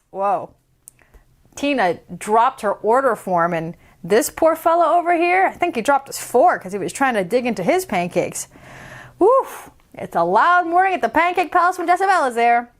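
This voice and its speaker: A woman's voice: on the high side, lively intonation, measured pace. A woman telling a picture-book story to children, playful and dramatic, often dropping into stage whispers. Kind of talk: theatrical read-aloud for children.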